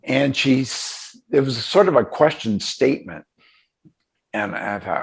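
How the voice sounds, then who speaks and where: An older man, a guest in an interview, telling a personal story in a halting, emotional way with many restarts. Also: mid-range voice, sing-song, vocal fry, breathy edge. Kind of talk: reflective storytelling.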